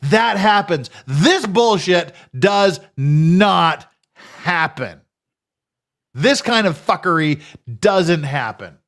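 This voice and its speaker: A man's voice: high-pitched, animated, slow, a bit bright. A man hosting a commentary show, ranting in a profane, sarcastic, scornful way. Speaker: host.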